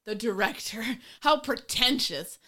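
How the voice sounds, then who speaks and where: A woman co-hosting a casual movie-review chat, ranting in an animated, exasperated way with swearing and mocking voices. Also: a little high, unhurried. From of Irish descent. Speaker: podcast co-host.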